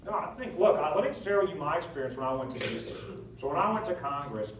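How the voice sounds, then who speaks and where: A man's voice: a little high, fast, distant mic, slight background noise. Man telling stories in an echoey hall. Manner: animated storytelling with jokes. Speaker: political candidate at a town hall. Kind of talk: town hall answer with anecdotes. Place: indoor town hall meeting room. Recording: echoey hall recorded from afar.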